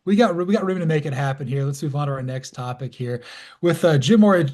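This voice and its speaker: Male co-host, middle pitch, laid-back sports talk, keeps the show moving. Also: fast talker. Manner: relaxed, self-deprecating, moves the show along. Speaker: podcast co-host. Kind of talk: casual sports chat.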